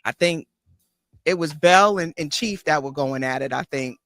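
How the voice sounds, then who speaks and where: A woman with a deep, fairly bright voice speaks at a normal pace in a studio-quality recording with no echo. She's a therapist and life coach hosting a podcast, reflectively recalling a past video-call conversation during a casual interview.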